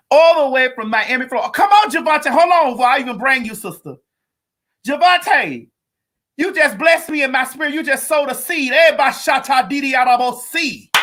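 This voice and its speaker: Sassy flamboyant talk show host, bright voice. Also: female voice, a little high. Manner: flamboyant, sassy, hype introductions. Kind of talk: live-streamed comedic talk show. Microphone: video call.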